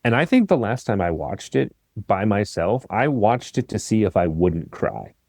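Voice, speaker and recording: A man's voice: lowish voice, very animated, normal speed, creaky, a little mellow, dry recording, clean studio sound. A man who is a guest on a podcast, airing his grievances in an earnest, teasing way. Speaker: guest, producer. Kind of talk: casual podcast chat.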